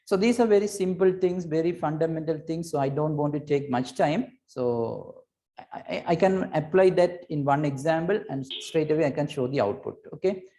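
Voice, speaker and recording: A male teacher walks through a lesson step by step with a mellow, darker tone. He repeats key points and keeps checking that students follow, with a steady, patient delivery. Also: on the high side, moderate pace. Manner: patient, repetitive explaining with frequent checks like "right?" and "okay". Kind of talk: recorded computer lesson.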